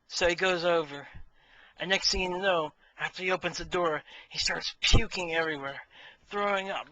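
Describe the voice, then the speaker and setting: A man's voice: a little high, steady tone, normal speed, sharp tone, rough recording. A man casually telling jokes in a chatty, self-amused way as a vlogger.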